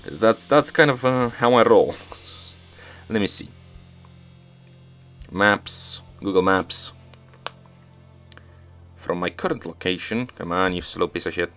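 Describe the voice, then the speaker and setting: A man's voice: deep voice, slow, long pauses, fairly bright tone, soft background music. A man hosting a strategy game let's-play, telling a casual story in a rambling way and often restarting his sentences. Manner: rambling, self-correcting, frequent restarts. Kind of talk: casual storytelling over gameplay.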